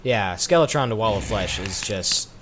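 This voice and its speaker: A low-voiced man from the American South talks through his gameplay in a loose, rambling way and keeps poking fun at himself. His pitch swings widely from line to line. The home desk-mic recording has a steady layer of hiss under it. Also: normal speed. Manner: rambling, chatty, self-mocking asides. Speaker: gaming commentator. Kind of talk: casual let's-play commentary. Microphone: desk microphone.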